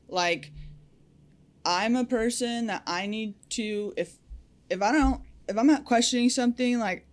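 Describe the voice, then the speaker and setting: A young adult woman who works as a lineman, talking candidly and outspokenly in a casual podcast interview, with frequent fillers. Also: medium pitch. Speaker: powerline lineman guest.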